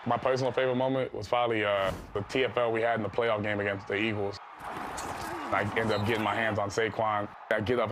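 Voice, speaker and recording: A man's voice: on the low side, little pitch movement, brisk, background noise. A young man, a football player, talking about trash talk in interview clips, laid-back and boastful. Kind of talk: interview sound bites.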